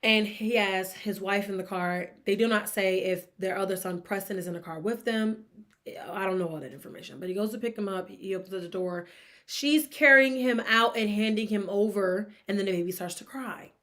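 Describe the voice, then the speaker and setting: A woman, co-hosting a sports gossip podcast in an opinionated, animated way, firing off rhetorical questions at her listeners. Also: moderate pace. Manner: breaks into high-pitched laughing disbelief. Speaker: podcast co-host. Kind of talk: casual sports gossip commentary.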